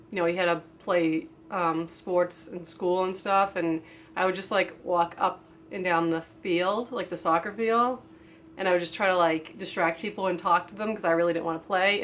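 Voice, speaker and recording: A woman's voice: on the low side, fairly bright tone, a little hiss or hum. A young woman vlogging a casual question-and-answer video, reading each question aloud and answering off the cuff with lots of fillers. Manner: rambling, with many fillers.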